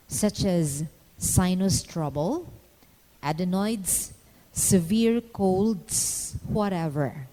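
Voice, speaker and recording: A woman narrating a scripted phonetics lesson in a measured, instructional way, pausing to demonstrate each sound. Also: medium pitch, mellow, big-room sound, rough recording. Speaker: phonetics teacher.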